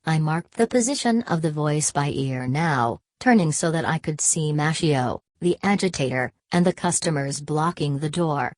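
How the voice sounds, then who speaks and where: Low-voiced woman narrating an audiobook. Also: normal speed, few pauses, dry recording. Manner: reads all characters in one steady voice. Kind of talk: scripted narration.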